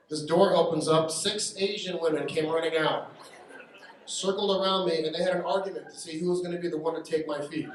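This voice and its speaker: A man's voice: on the high side, fairly quick. A man doing a stand-up comedy set at a live benefit show, telling punchy, irreverent stories. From United States. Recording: echoey hall from far off, faint noise.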